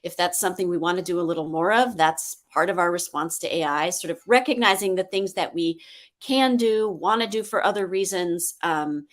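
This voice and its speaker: A woman speaking as a panelist in a webinar discussion over a video call, thoughtful and measured, pausing with frequent ums. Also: fairly low pitch, fairly bright tone.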